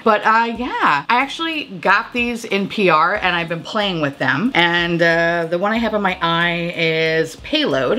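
A woman hosting a casual beauty chat, talking about makeup releases with heavy swearing, laughter and tipsy, excitable gushing. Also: on the low side, a little hiss or hum. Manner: animated, swearing, laughing, drinking. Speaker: beauty video host.

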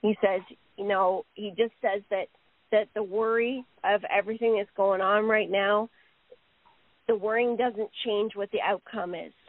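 A woman's voice: mid-range voice, fairly even intonation, unhurried, dry recording. A woman working as a psychic medium on a live radio show, relaying messages in a rambling way with frequent "he says.". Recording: phone-line sound, dry.

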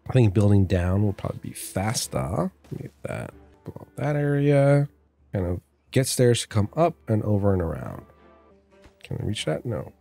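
A man talks through his building game in a loose, chatty way, his pitch bouncing up and down as he goes. His voice is mellow and warm, close on a dynamic mic. Faint game music plays behind him. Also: sing-song, normal speed, vocal fry. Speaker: gameplay streamer. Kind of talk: casual gameplay commentary. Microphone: dynamic mic on boom arm.

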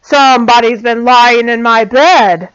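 A woman voicing a great big papa bear in a storybook, loud and firm. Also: a little high, a little slow, clean tone, no echo. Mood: stern. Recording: dull lo-fi sound.

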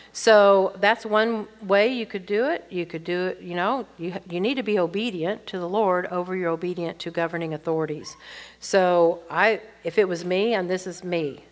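A woman's voice: fairly low pitch, moderate pace. Older woman answering questions in a reverberant hall. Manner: candid, chatty, reads questions aloud then answers with personal stories. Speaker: Bible teacher answering audience questions.

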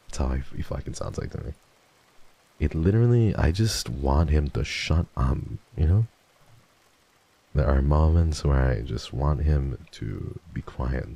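A playful male streamer talks casually with his chat into a desk mic, thanking viewers and teasing them. His voice is deep, dark and gravelly, and its pitch swings widely as he drops in and out of theatrical voices. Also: animated, moderate pace. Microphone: desk microphone.

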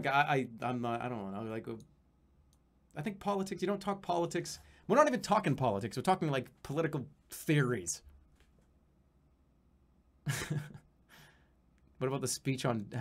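A man's voice: mid-range voice, lively intonation, moderate pace, pauses often. A man from the United States streaming live, chatting casually in a rambling, profane, joking way with many restarts.

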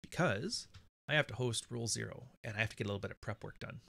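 A man's voice: medium pitch, quick pace, vocal fry, fairly bright tone. A Canadian man hosting a casual livestream, talking in a blunt, profane, rambling way. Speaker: podcast host.

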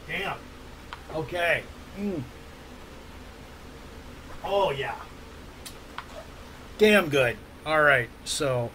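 A middle-aged man hosting a laid-back podcast, his voice sitting a little high for a man. He rambles loosely with plenty of hums, fillers and the odd curse. A faint hiss sits under the voice. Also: fairly bright tone, rough recording. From Ontario, Canada. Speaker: podcast host. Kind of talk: casual rambling chat.

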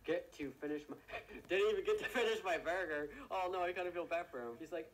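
A man giving live commentary on a game he is playing, excitable and gasping often, talking to his viewers and teammates. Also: fairly high pitch, fast, slight background noise, rough recording. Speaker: gaming video creator.

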